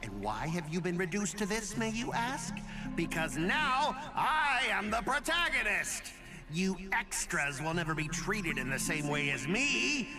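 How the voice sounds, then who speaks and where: Game bit: high-voiced scheming office flunky, wild swoopy delivery, rants and yells. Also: male voice, very animated, measured pace, over music. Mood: triumphant. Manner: blustering, gloating, prone to yelling rants. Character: pompous, scheming male corporate lackey, bitter and boastful. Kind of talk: game voice acting.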